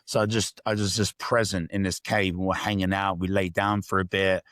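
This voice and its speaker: Low-voiced male guest, candid and reflective, dry recording. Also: little pitch movement, normal speed, a bit bright, no echo. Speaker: podcast guest. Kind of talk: casual interview storytelling.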